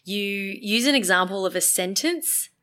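A woman's voice: medium pitch, lively intonation, measured pace, pushed and bright. A woman hosting a podcast, asking upbeat, curious questions. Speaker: podcast host. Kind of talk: podcast interviewing.

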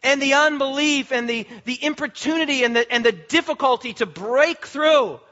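A man preaching a sermon, impassioned and emphatic, slowing down and repeating phrases for weight. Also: extremely high pitch, sharp tone, muffled recording. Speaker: pastor.

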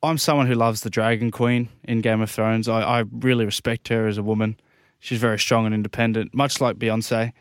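A man co-hosting a radio show, talking in a mock-earnest, deadpan way. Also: fairly low pitch, brisk, hardly any pauses, smooth, no room sound, clean studio sound. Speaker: co-host. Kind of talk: casual radio chat.

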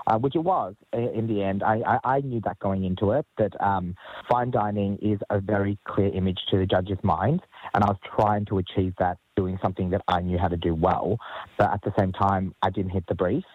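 A man, a chef guest, speaking earnestly and warmly as he is interviewed on the radio. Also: low-pitched, fairly even intonation, brisk. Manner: earnest, upbeat, gentle laughs. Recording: husky, dry phone-line sound.

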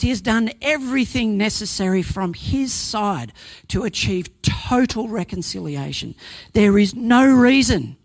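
In a dry recording, a man with a high voice preaches a sermon. He's earnest and emphatic, hammering his points home through repetition and occasionally starting a phrase over.

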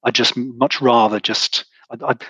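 Middle-aged male guest, husky, dry close sound, emotional and halting. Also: medium pitch, level tone, a bit bright, no room sound, lo-fi sound. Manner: halting, emotional, many restarts. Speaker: podcast guest, author. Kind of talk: conversational interview.

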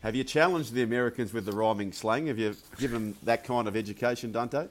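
A man's voice: medium pitch, fast, slight background noise. A man, co-hosting a podcast and putting playful questions to a guest. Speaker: podcast co-host. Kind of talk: casual chat.

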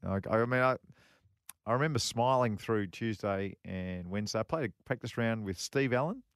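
A middle-aged man rambles through a story on a golf chat show, circling back and repeating himself as he goes. His voice sits fairly low, and the sound is close and dry, with no room around it. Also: normal speed, clean tone, no room sound. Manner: rambling, repeats phrases, many fillers. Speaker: co-host and former pro golfer. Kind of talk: casual radio chat, storytelling.

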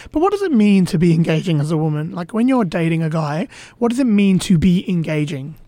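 A man's voice: high voice, very animated, fairly quick, dark tone, no echo. A man co-hosting a casual dating podcast, telling stories animatedly and swearing with a laugh. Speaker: podcast co-host, dating coach.

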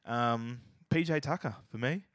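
An Australian man co-hosting a casual basketball podcast. He swears freely and argues his picks with animated energy. His voice sits in a mid register, recorded close and dry. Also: mid-range voice, measured pace, no room sound. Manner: profane, animated, opinionated. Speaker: podcast co-host.

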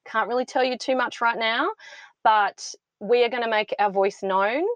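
A woman's voice: fairly high pitch, steady tone, moderate pace, no room sound. A woman, speaking passionately and emphatically as an interview guest. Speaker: podcast guest, founder of a mothers' support club. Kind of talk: heartfelt interview talk.

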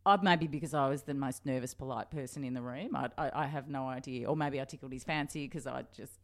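Low-voiced Australian woman in her fifties. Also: quick pace. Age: 50s. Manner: lively anecdotal storyteller, laughs often. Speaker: interview guest, broadcaster. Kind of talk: casual conversational interview.

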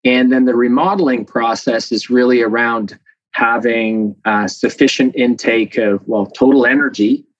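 A man who is a professor, explaining things as a guest in a casual interview with a lively, chatty manner and many fillers. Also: mid-range voice, normal speed, no echo. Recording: dull dry lo-fi sound.

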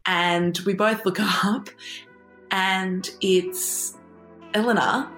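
A woman's voice: mid-range voice, steady tone, extremely slow, fairly bright tone, reverberant, soft background music. A woman guest on an interview podcast, telling a personal story wryly and often laughing as she goes.

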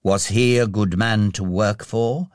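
A man voicing a gentle, probing ghost. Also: fairly low pitch, fairly even intonation, no echo, clean studio sound, close to an everyday voice. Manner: gentle and measured.

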